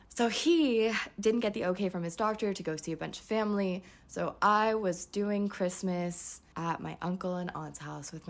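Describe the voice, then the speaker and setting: A woman's voice: on the low side, vocal fry. A woman in her twenties hosting a podcast, giving a candid personal update in a chatty way and laughing often. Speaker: podcast host. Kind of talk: casual personal life update.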